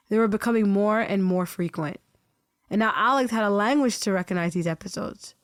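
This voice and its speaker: Brief: woman host narrating a true story, earnest and conversational, dry studio sound, mid pitch. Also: no echo. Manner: earnest, often checks in with "right?".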